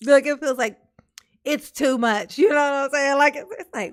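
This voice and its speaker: A woman's voice: high voice, normal speed. A woman giving casual reaction commentary to her viewers, mocking and laughing often. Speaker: commentary vlogger.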